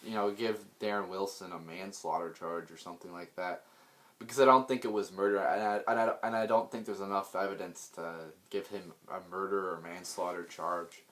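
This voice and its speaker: A man's voice: fairly low pitch, steady tone, normal speed, fairly bright tone. A man delivering an unscripted political rant, blunt and profane, rambling with many restarts and repeated words. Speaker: political vlogger.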